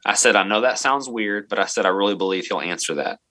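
Interview guest, male teacher, lowish bright voice, earnest and halting, dry close sound. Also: no echo. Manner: earnest, halting, many restarts and fillers. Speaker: middle school math teacher, interview guest. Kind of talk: storytelling in a podcast interview.

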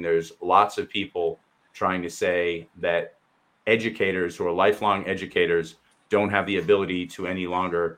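A man with a very deep, low voice talks bluntly and with real heat as a co-host. He swears freely and slips into mocking quoted asides to make his points. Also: a bit bright. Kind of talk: heated casual discussion.

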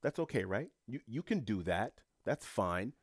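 A man's voice: on the low side, big pitch swings, measured pace, husky, no echo, studio quality. A man hosting a podcast episode, talking casually and earnestly to his listeners, often restarting and repeating words. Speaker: podcast host. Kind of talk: casual monologue.

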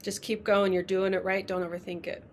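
A woman's voice: medium pitch, level tone, fairly quick. A woman guest in a casual interview, effusive and emotional as she talks. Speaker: podcast guest, coach.

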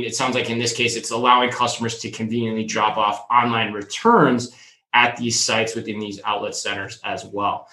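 A man with a bright, forceful voice talks through retail news in a lively, joking way. His voice rings in a roomy space with a noticeable echo. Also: medium pitch. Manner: animated, jokey, talks in bursts. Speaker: co-host of a retail news show. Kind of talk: casual news discussion.

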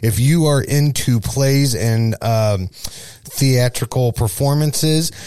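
A man with a St. Louis accent co-hosting a casual local news chat, joking and lively with playful asides. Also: on the low side, no room sound. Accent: St. Louis, Missouri. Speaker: show co-host.

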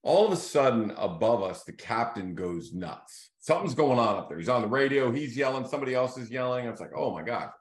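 Lively, storytelling man in an echoey room. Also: mid-range voice, brisk, hardly any pauses. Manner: animated storyteller who acts out quoted voices. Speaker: real estate team leader hosting a video series. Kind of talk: casual storytelling monologue.

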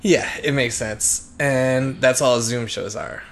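A man's voice: mid-range voice, takes it slowly, slight background noise. A man in his thirties co-hosting a podcast, rambling in casual chat with dry joking asides. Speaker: podcast co-host.

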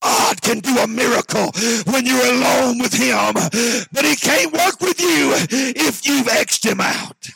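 A man preaching a sermon, telling the story dramatically, often shouting and acting out the voices. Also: very high voice, measured pace, vocal fry, husky, no room sound.

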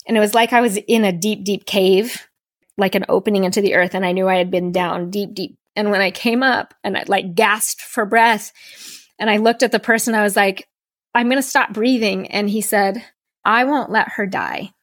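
A woman's voice: mid-range voice, fairly even intonation, moderate pace, dry recording, clean studio sound. A woman podcast host, recounting a personal experience in a reflective, storytelling way and voicing her own thoughts as quotes.

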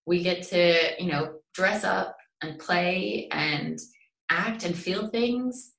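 Low-voiced Scottish woman in echoey room. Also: slow pace, gravelly, recorded from a distance. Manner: chatty, animated, many fillers. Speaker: actress guest. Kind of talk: casual interview chat.

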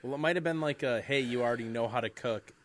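A man with an ordinary mid-pitched voice trades casual banter on a podcast. He mostly chimes in with brief, profane quips and jokes. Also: quick pace, a little hiss or hum. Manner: short profane quips and reactions. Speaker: podcast co-host. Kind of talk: casual chat.

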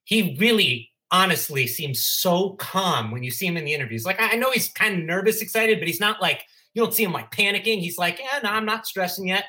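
Very bright, slightly high male co-host. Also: fairly quick, hardly any pauses. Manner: chatty, stumbling on restarts. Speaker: podcast co-host. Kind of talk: casual chat.

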